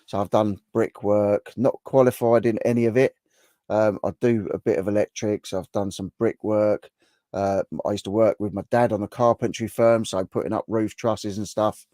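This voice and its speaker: A man's voice: on the low side, fairly even intonation, moderate pace, warm tone, dry recording, studio quality. A middle-aged man, hosting a casual livestream, chatting and answering viewer comments in a rambling way. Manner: chatty and rambling, with many restarts. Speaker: livestream host. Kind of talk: casual live chat reading viewer comments.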